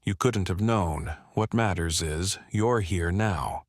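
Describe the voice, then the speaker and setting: A man voicing a steady, calm young groom, firm but gentle, with a deep voice. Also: slow, no room sound. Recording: dry close-miked voice-over.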